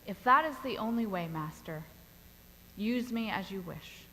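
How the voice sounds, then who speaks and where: A woman voicing a humble male bamboo plant that begs and then gives in, in a sermon story, with soft, trembling pleas. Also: medium pitch, animated, measured pace, in a large hall, slight background noise, rough recording. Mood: resigned.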